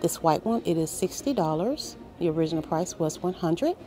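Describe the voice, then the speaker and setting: A woman with a lowish, mellow voice walks through a large furniture store with her phone, excitedly reading out sale prices. She chats with her viewers the whole way, gushing over the bargains. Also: moderate pace, faint music behind. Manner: excited, reads prices aloud, addresses viewers as guys. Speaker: shopping vlogger. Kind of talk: casual store walkthrough.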